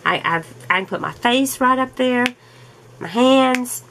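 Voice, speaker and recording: A woman talks casually at home as she works on a craft. She speaks slowly and easily and laughs often, and her throat is a bit rough from allergies. A faint background hum sits under her voice. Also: on the high side, animated, a bit bright, rough recording. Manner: slow, chatty, laughs often. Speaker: diamond painting vlogger. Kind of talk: casual chat while crafting.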